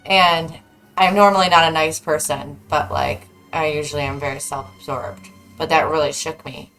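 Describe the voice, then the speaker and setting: A woman's voice: low-pitched, fairly even intonation, moderate pace, a bit bright, soft background music, poor audio. A woman playing a tabletop game, rambling as she describes her actions. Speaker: player.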